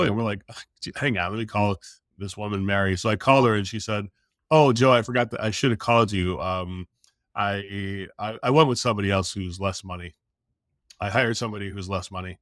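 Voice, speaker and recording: A middle-aged sales coach from the United States tells a story during a podcast interview, animatedly acting out the quoted dialogue and swearing casually. His voice is lowish and fairly quick, in clean studio sound with no room tone.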